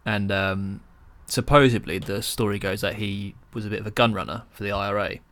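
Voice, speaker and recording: A man co-hosting a casual podcast, his voice sitting a little low. He jokes crudely, swears freely and laughs often. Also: steady tone, fairly quick, fairly bright tone. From England. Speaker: podcast co-host.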